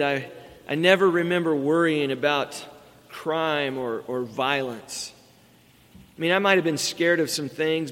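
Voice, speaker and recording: A man's voice: a little high, fairly bright tone. A middle-aged man preaching a sermon as pastor, earnest and building emphasis on key words. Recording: long reverb from a large hall.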